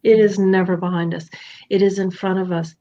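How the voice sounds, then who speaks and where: Animated woman host, slightly muffled audio. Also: mid-range voice, fairly quick. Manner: animated, emphatic, playful. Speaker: podcast host. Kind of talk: candid conversational chat.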